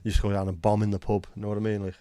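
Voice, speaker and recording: A man's voice: on the low side, little pitch movement, racing, warm tone. A man hosting a casual livestream chat, chatty and sweary with self-deprecating humour. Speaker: livestream host.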